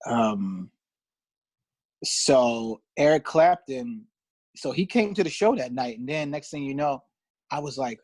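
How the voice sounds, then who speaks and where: A man's voice: medium pitch, slow pace, long pauses, dry recording. A man, a guest musician, telling stories in a casual interview, laughing and acting out the voices of people he quotes. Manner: animated, laughing storyteller who acts out quoted voices. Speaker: guest musician, pedal steel player.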